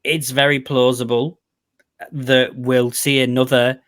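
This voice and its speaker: Man, podcast host, casual chat, rambling, enthusiastic, mid pitch, dry close sound. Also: level tone, a little slow, a bit bright, no room sound. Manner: chatty and rambling, full of "like" and restarts; enthusiastic, gushing about favorites. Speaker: podcast host reviewing a TV series.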